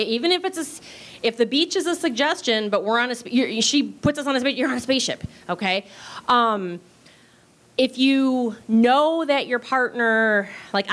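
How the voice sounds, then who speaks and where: A woman teaching improv in a chatty, casual way, swearing freely and acting out quick bits of dialogue. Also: fairly high pitch, fairly bright tone. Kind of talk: casual spoken lesson.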